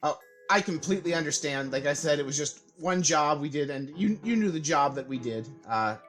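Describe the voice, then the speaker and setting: A man's voice: a little high, animated, fairly quick, fairly bright tone, faint music behind. A man playing in a tabletop game, rambling with sheepish hesitations. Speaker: player. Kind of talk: tabletop role-play and recap narration.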